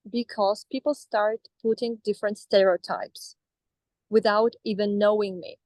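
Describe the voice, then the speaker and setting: A woman's voice: mid-range voice, a little slow, no room sound, rough recording. Hesitant Russian-accented woman, dry sound. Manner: hesitant, with frequent restarts and fillers. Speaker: coaching client. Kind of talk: conversational coaching session.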